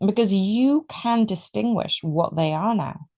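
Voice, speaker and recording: A woman giving an excitable, emotional tarot reading, stretching out her words for emphasis. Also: mid-range voice, measured pace, lo-fi sound. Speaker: tarot reader.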